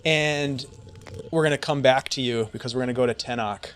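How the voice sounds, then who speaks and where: A man running a tabletop fantasy game as game master, narrating scenes in a slow, descriptive storytelling manner. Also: mid-range voice, fairly bright tone, clear, resonant tone.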